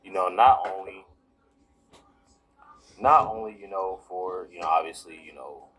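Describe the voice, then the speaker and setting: Very deep-voiced man commenting casually. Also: measured pace, a bit bright, rough recording. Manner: repetitive, heavy use of "you know" and "y'all". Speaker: political commentary vlogger.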